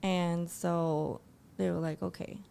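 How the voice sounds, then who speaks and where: A woman guest telling an emotional personal story, acting out what people said with lively quoted voices. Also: slow pace, gravelly, a little hiss or hum. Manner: animated, acts out quotes in a higher voice.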